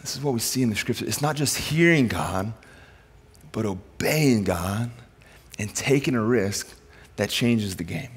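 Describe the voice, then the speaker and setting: Animated man preaching a sermon. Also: on the low side, a little slow, breathy edge. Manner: dynamic preaching, swings between loud emphatic and quiet intimate. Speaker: pastor.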